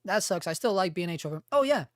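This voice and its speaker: A man hosting a live stream, chatting casually and reading viewer comments in a rambling, profane way, his voice hoarse and giving out. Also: sits high, lively intonation, fast, fairly bright tone, dry recording, studio quality.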